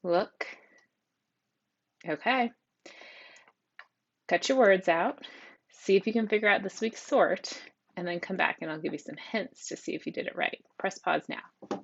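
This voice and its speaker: A woman's voice: mid-range voice, normal speed, vocal fry, long pauses. A woman teacher giving an upbeat, encouraging spelling lesson to children, on a dull lo-fi home recording. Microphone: tablet microphone.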